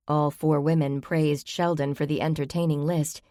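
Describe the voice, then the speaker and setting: A woman's voice: low-pitched, little pitch movement, moderate pace, hardly any pauses, warm tone, dry recording, clean studio sound. A woman narrating a cozy mystery novel with a light, wry delivery. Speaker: audiobook narrator. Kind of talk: scripted narration.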